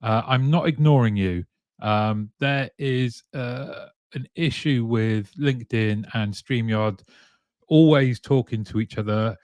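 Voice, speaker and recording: A man's voice: medium pitch, darkish tone, no echo. Chatty male live-stream host, dry sound. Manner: chatty, greets viewers by name, many ums. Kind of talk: casual live-stream chat.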